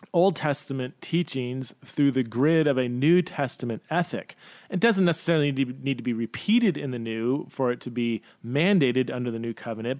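A man's voice: mid-range voice, a little mellow, no room sound. A man hosting a Q&A podcast, thinking aloud with lots of fillers and restarts and stumbling over words. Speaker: podcast host. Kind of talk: casual Q&A podcast talk.

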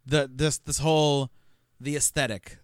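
An American man co-hosting a casual film podcast, telling relaxed travel anecdotes. His voice is smooth and resonant at a middle pitch, recorded dry and close. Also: measured pace, no echo. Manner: relaxed storyteller, sharing anecdotes. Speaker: podcast co-host.

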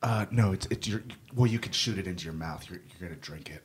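A secretive back-room shopkeeper, played by a man speaks low and hushed, hesitating over his words as he pushes a dubious cure. The voice is deep and quiet, in an improvised comedy bit. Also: fast talker, slightly rough.

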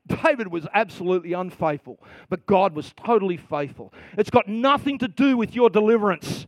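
High-voiced storytelling male pastor. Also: expressive, normal speed, no echo. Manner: storytelling, swings from quiet asides to loud bursts. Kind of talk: sermon.

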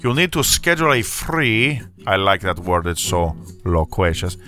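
A man's voice: low-pitched, big pitch swings, normal speed, sharp tone, soft background music, voice pushed down, exaggerated voice. A man putting on a flamboyant character with a mock Spanish accent, doing a comedic sponsor read and calling everyone darling. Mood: mock-glamorous. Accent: put-on Spanish.

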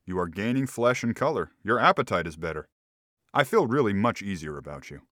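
A man's voice: lowish voice, expressive, brisk, fairly bright tone, no echo, studio quality. A man doing a patronizing husband doctor. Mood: soothing. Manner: soothing, patronizing. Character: calm condescending male physician husband.

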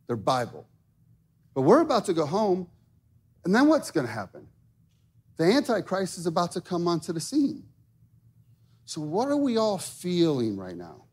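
A man's voice: fairly high pitch, slightly rough. A man in his thirties preaching a sermon in a conversational way, often checking in with "okay?". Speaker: pastor.

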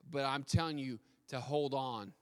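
A man preaches a sermon, telling a story and putting direct questions to his listeners, stammering when he restarts. His voice is medium-pitched at a normal pace, with a long hall reverb on the recording.

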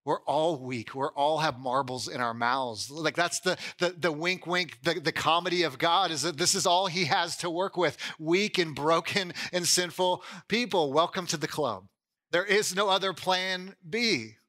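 This man preaches conversationally and without hurry, his pitch fairly high. He leans on "like" and "right?" a lot, and he gets lively when voicing the doubts people might have.

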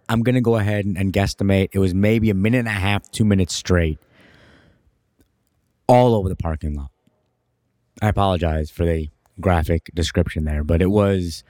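A young man co-hosting a podcast, telling a personal story in an animated, emphatic way. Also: sits low, dry recording, studio quality. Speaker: podcast co-host. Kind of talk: casual storytelling.

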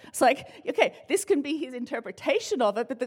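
A woman's voice: high-pitched, lively intonation, fast talker, hardly any pauses, slightly rough. A middle-aged woman giving a conversational sermon, playful and joking as she talks straight to the congregation. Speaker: church speaker.

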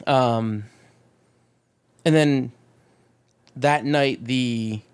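A man co-hosting a casual chat, recapping a film with swearing, jokes and quick acted-out voices. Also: mid-range voice, smooth. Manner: profane, jokey, acts out quick voices mid-recap. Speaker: podcast co-host.

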